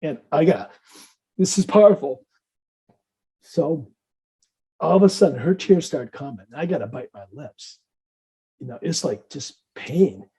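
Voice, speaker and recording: Animated middle-aged man, dark tone. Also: on the high side, a little slow, pauses often. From US Midwest. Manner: animated, acts out dialogue in different voices. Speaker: psychiatrist, guest. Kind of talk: storytelling in an interview.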